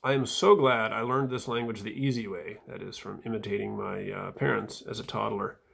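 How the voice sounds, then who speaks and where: A man reading his own footnotes aloud in a casual vlog, dry and wry, with fillers and soft mumbled asides. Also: lowish voice, flat delivery, a little fast, vocal fry.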